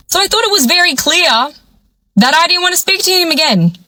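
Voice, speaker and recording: A woman's voice: high voice, fast, no echo, low-quality recording. A young woman telling a dating storytime, acting out what people said along the way. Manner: animated, acts out quoted dialogue. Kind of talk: storytime vlog.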